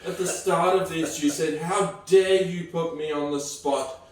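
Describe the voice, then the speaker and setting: A man's voice: a little high, steady tone, unhurried. A man, co-hosting a podcast in a teasing, argumentative way. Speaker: podcast co-host. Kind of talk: casual chat. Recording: very echoey room, distant mic.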